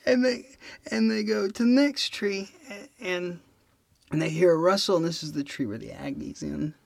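A man's voice: high voice, normal speed, vocal fry, dry recording, studio quality. A man hosting a test prep podcast, telling a joke and giggling a lot. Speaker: podcast host. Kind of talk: casual chat and test prep.

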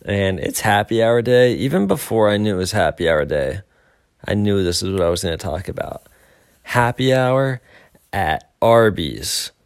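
A man's voice: deep voice, brisk. Chatty young man hosting a morning show. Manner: rambling, upbeat, self-deprecating asides. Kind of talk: casual solo podcast talk.

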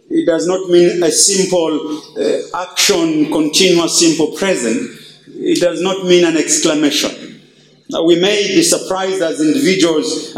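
A male pastor preaching a sermon, stressing key words with slow, drawn-out emphasis. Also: a little high, echoey room, a little hiss or hum, rough recording.

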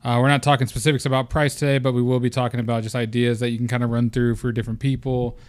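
A man's voice: mid-range voice, little pitch movement, very fast. Loose, joking young man hosting a podcast. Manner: loose, joking, swears freely. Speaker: podcast host. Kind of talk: casual gaming podcast chat.

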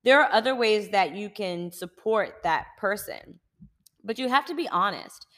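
A woman's voice: mid-range voice, expressive, unhurried, fairly bright tone. A woman hosting a podcast, giving casual advice in an emphatic, sassy way that repeats its points. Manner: emphatic, repetitive, sassy, direct. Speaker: podcast host.

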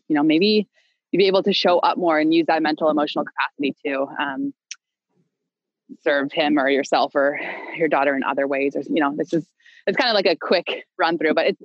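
A woman's voice: low-pitched, no echo, lo-fi sound. Young woman telling a rambling story. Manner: rambling, many fillers and restarts, laughs now and then. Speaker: podcast guest. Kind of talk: casual conversational storytelling.

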